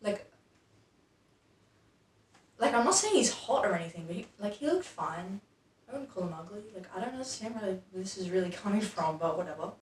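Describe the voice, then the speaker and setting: A woman's voice: mid-range voice, lively intonation, moderate pace, pauses often, a little hiss or hum. Aussie woman chatting wry quiz commentary, swears a lot, roomy far-off sound. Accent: Australian. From Australia. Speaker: host of a quiz video. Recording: echoey room, mic set back.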